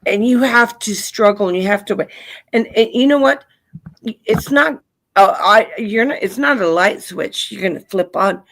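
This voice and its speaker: A woman's voice: mid-range voice, a little slow, fairly bright tone. A woman hosting a live stream, earnestly consoling a grieving caller and calling her honey and sweetheart. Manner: tender, earnest, calls people honey and sweetheart. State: widowed, grieving. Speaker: livestream host.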